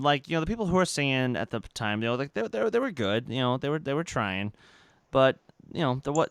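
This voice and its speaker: A young man co-hosting a podcast, telling a story in casual chat, animated and full of fillers and restarts. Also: fairly low pitch, smooth, no echo. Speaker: podcast co-host.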